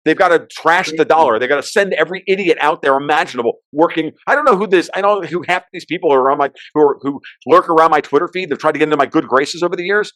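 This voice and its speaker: A man with a high-pitched voice rants through political and market commentary as a podcast guest. He talks fast and swears freely, breaking into sudden loud outbursts. The sound is dry and close. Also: no room sound. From United States.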